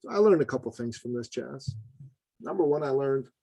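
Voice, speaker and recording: Guy on a podcast telling a story, super animated, voice shoots up when he stresses stuff, earnest, mid-pitched, dry close sound. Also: brisk, no room sound, rough recording. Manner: animated, voice jumps high for emphasis; earnest, addresses host as brother. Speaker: podcast guest, business consultant.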